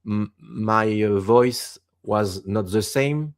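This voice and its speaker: In casual interview talk, a lowish-voiced guest in his fifties speaks halting English, often hunting for the right word. He's a native French speaker from France with a Quebec French accent.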